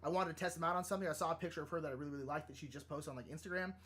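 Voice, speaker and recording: A man hosting a live drawing stream, chatting casually and rambling, easily excited and flustered. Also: fairly high pitch, very fast, slightly rough. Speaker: livestream artist host. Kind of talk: casual livestream chat while drawing.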